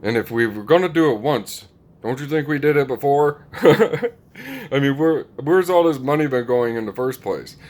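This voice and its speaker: Brief: rambling male commentator, mid pitch, casual and chuckly. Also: lively intonation, moderate pace, darkish tone. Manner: rambling, chuckling, many fillers. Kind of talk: casual monologue.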